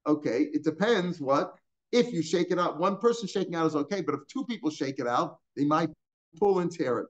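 A man's voice: on the high side, expressive, brisk. An older man teaching a line-by-line Talmud class in a casual way, with chuckling asides and Hebrew and Aramaic terms mixed in.

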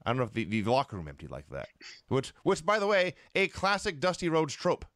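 A man's voice: on the high side, huge pitch swings, brisk, fairly bright tone, dry recording, studio quality. A man co-hosting a podcast, talking about wrestling in wry, playfully grand words. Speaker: podcast co-host. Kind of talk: casual wrestling recap chat.

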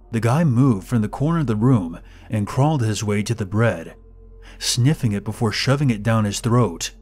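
Low-pitched male narrator for a horror story, measured and deliberate, with soft music underneath.

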